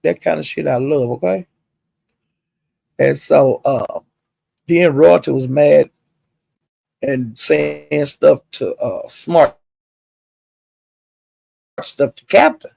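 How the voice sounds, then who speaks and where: Man dishing gossip on his vlog, calls folks honey and child, husky and dry. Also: on the high side, slow, pauses often, no room sound. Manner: animated retelling, mimics others' quotes. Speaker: vlogger. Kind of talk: gossipy storytelling.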